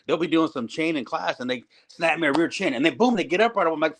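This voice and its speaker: Profane middle-aged wrestling trainer talking shop. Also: male voice, on the high side, quick pace, hardly any pauses. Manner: profane, animated storytelling. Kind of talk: casual podcast chat.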